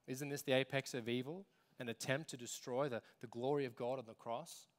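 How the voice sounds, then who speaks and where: A man with an Australian accent preaching a sermon as pastor, emphatic, with dramatic pauses. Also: mid-range voice, fairly even intonation.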